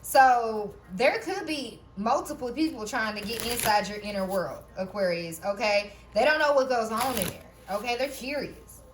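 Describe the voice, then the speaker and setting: A woman gives a loose, chatty tarot reading in a slightly higher voice. She checks in with "okay?" after almost every thought. She laughs often and drops the odd curse word. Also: moderate pace, few pauses, noisy background. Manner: repeats "okay?" often, laughs, swears casually. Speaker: tarot reader. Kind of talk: casual spiritual reading.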